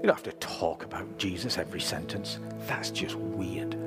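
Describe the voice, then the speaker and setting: A man's voice: deep voice, normal speed, hardly any pauses, over loud music. A man preaching a sermon in a conversational way, talking straight to the congregation. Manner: conversational preaching, reads scripture, asks listeners.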